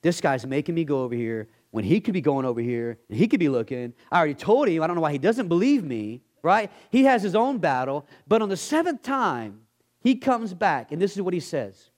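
A male guest pastor, delivering an animated sermon in a slightly high voice that swings widely in pitch. He keeps dropping into quieter, lower voices to act out the people in his story. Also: fairly quick. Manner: animated, acts out bible characters in dropped voices.

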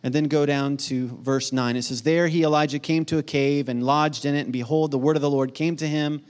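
Earnest, fairly high-voiced male preacher. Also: steady tone, a little fast, smooth. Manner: earnest, rising to emphatic peaks then dropping soft and hushed. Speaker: pastor. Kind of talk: sermon.

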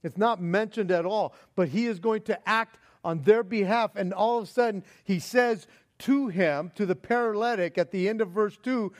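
A male pastor with a high voice preaches at a moderate pace, animated and expressive. He swings between loud emphasis and hushed asides, often repeating words.

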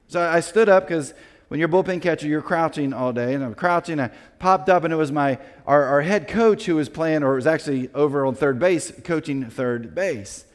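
Male pastor, storytelling sermon, acts out quoted voices, slightly high voice, long hall reverb. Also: fairly quick.

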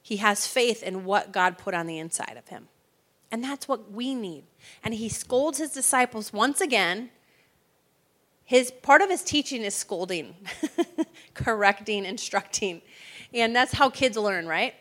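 Bright-voiced woman preaching emphatically. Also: mid-range voice, unhurried. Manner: emphatic, preacherly, asks for agreement. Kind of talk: sermon.

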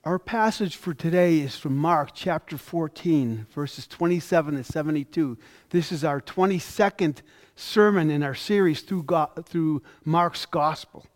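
A male pastor preaching a sermon, reading scripture aloud and stressing the quoted words. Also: on the high side. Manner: reads scripture aloud, with emphatic rises on quoted lines.

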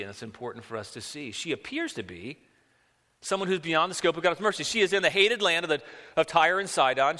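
A male preacher delivers a sermon with a bright, forceful, slightly high voice. He asks rhetorical questions and often doubles back on his words. The sound carries a long reverb from a large hall.

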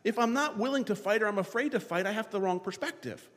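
A man preaching a sermon, lively, acting out the voices of biblical figures to his congregation. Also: high voice, fast, long reverb tail. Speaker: pastor.

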